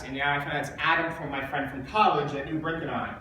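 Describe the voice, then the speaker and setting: Guy choking back tears telling a hard story, slightly high voice, big echoey hall, mic kinda far. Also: fairly bright tone, a little hiss or hum. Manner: halting, repeats words, acts out quoted dialogue. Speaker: speaker at a coaching event. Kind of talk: emotional personal story to an audience.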